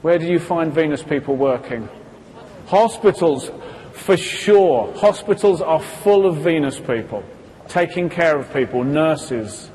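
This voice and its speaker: A man with a high voice gives a live seminar talk from a stage, taking his time over each point. He asks the audience questions and slips into quoted voices as he goes. The sound carries a long hall reverb with a faint hiss underneath. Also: animated, unhurried, darkish tone. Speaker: seminar presenter.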